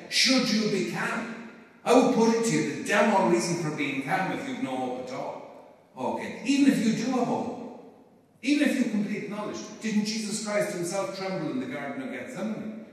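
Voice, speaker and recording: An Irish man, a Catholic priest, giving a talk to a live audience, emphatic, swinging from loud urging to quiet asides and often repeating words. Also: fairly high pitch. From Ireland. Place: large parish hall. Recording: very echoey hall, distant mic.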